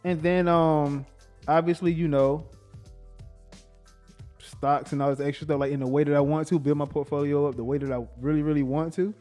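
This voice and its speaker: A man's voice: a little high, steady tone, normal speed, a little mellow, faint music behind. A young man co-hosting a casual podcast with his partner, laid-back and laughing, with a Black way of talking. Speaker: podcast co-host. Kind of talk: casual couple chat.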